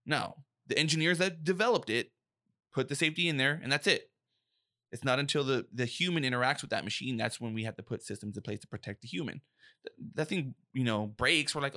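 A young man talks through workplace safety on a casual podcast, animated and emphatic, slipping into little acted-out quotes. His voice sits mid-range and is recorded close and dry with no room sound. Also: medium pitch, fast, no echo. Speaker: podcast co-host, safety professional.

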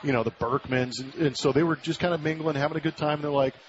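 This is a guest on a casual interview: a man in his forties from Southern California who once played baseball, speaking fast in a high-leaning voice with slight background noise. The radio broadcast audio is muffled, and he tells his story animatedly, acting out quoted voices.

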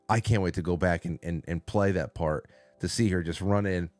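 A man's voice: low voice, a little slow, darkish tone, dry recording, faint music behind. A man hosting a casual call-in stream from a studio, rambling and reading out chat names. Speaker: call-in show host. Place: small studio. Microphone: studio mic.

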